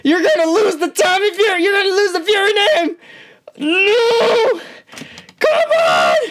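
A woman with a high-pitched voice gives casual, amateur live commentary on a boxing match. She is excitable and slangy, and talks right to the fighters as she reacts. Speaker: channel host, amateur commentator.

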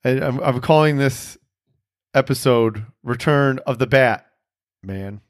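Man, podcast host, casual chat, rambling, profane, laughs at himself, mid-pitched voice. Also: unhurried. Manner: rambling, profane storytelling with self-mocking laughs.

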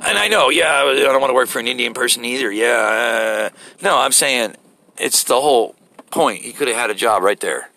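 A man telling an animated, profane story in a casual rant, rambling with many restarts, from inside a car. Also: mid-range voice, normal speed. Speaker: vlogger.

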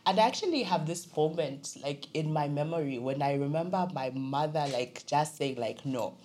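A woman tells heartfelt stories as a podcast guest. Her voice sits low, but it swoops up and down with feeling. She is emotional and expressive and laughs easily. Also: moderate pace, a little hiss or hum. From Zambia. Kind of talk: heartfelt storytelling in casual chat.

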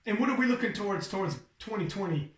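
A man hosting a casual interview, joking and swearing, with big animated reactions. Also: high voice, quick pace, distant mic. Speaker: podcast host. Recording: echoey room, away from mic.

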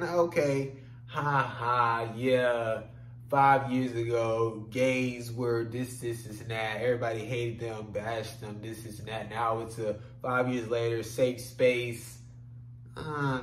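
A man's voice: medium pitch, fairly even intonation, slow. A man, talking alone on a podcast. His delivery rambles and swears, and he keeps saying "you know what I'm saying". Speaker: podcast host. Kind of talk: solo podcast monologue. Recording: echoey room with faint hum.

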